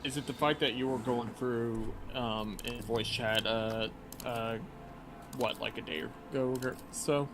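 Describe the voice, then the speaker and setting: A man in casual voice chat during a game stream who sounds loud on his mic and repeats himself when he explains things. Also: mid-range voice, steady tone, unhurried, over music.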